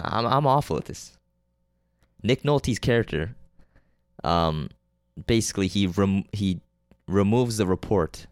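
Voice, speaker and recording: A man's voice: low voice, clear, resonant tone, no room sound, clean studio sound. A man hosting a casual solo podcast, rambling through a movie recap with lots of fillers, restarts and swearing, and often losing track of names. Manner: offhand and unpolished, losing names mid-sentence. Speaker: podcast host reviewing movies.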